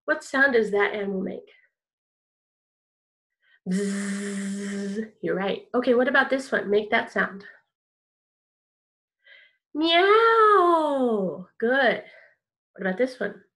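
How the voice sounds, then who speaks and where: A woman's voice: on the high side, moderate pace, fairly bright tone. A woman teaching an online kindergarten music lesson, upbeat and encouraging, leading call-and-response.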